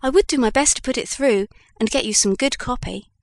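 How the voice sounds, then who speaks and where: A woman's voice: fairly high pitch, brisk, dry recording, lightly acted. A woman voicing an eager young male reporter in an audiobook, earnest and pleading.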